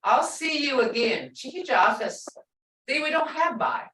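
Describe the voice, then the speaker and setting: Middle-aged woman language teacher, slow and patient, sits back from the mic in a roomy space. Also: high-pitched, animated, a bit bright. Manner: explains patiently, repeats words slowly, laughs lightly. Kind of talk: online language lesson. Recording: roomy sound from a distance.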